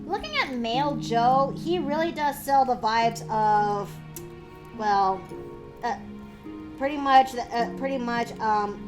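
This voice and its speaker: A woman streamer chatting casually on a voice call, excitable and rambling with many fillers. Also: fairly high pitch, slow pace. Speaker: streamer host. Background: background music.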